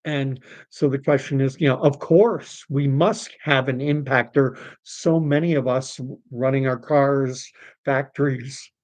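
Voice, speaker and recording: A man's voice: mid-range voice, a little slow, darkish tone. A Canadian man hosting an unscripted livestream, talking things through in a conversational way with fillers and restarts. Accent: Canadian English. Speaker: podcast host.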